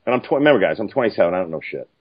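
An older man spins a profane, animated anecdote in a low, husky voice that rises and falls widely. He acts out other people's lines as he goes. The audio is muffled and lo-fi. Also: racing. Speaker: film writer-director guest. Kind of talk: casual anecdotal storytelling.

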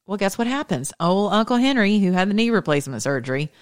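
A woman telling her viewers a personal story in a casual monologue, animated and blunt, with sudden leaps in pitch and loudness. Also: a little fast, hardly any pauses. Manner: blunt and opinionated, swears and then apologizes. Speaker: mother sharing a personal story.

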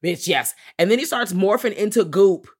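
A woman co-hosting a podcast, recapping a horror comedy in a casual, profane and animated way. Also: mid-range voice, normal speed, breathy edge. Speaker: podcast co-host. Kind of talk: casual movie review chat.

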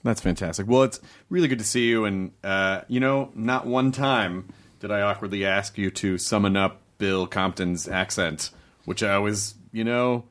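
A man hosting a podcast, chatting in a relaxed, easy way with his guest. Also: lowish voice, moderate pace. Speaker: podcast host. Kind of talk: podcast conversation.

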